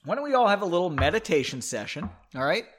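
A man's voice: sits high, big pitch swings, quick pace, a bit bright. A man from the United States, reading a book aloud casually while drinking whiskey, breaking off into rambling, swearing asides. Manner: rambling, swears and comments between passages. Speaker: reader of a book.

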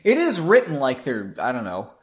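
A man's voice: mid-range voice, wildly swooping pitch, moderate pace. A man reading a story aloud and breaking off into sarcastic, laughing commentary. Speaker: reader.

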